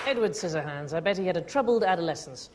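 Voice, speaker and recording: A woman's voice: on the low side, lively intonation, fast, a loud crowd. A woman hosting a TV quiz show, reading clues and slipping in dry jokes. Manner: dry, wry humour. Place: TV studio with audience. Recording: noisy studio with audience laughter.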